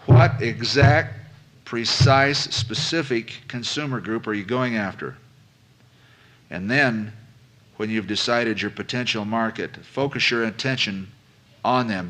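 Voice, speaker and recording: A man's voice: medium pitch, fairly bright tone. Folksy man lecturing a live audience. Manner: conversational, asks the audience questions, repeats phrases for emphasis; folksy, addresses listeners as folks. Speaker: business seminar lecturer.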